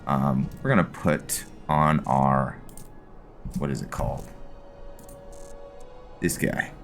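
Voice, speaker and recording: A man hosting a let's play video, giving relaxed, casual gameplay commentary and thinking aloud with fillers. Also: rumbling low, takes it slowly, gravelly, faint music behind.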